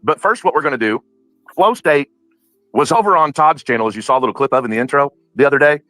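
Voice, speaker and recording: A man's voice: medium pitch, animated, quick pace, a bit bright, no room sound, faint music behind, rough recording. A man hosting a livestream, upbeat, thanking donors and addressing the chat. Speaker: livestream host.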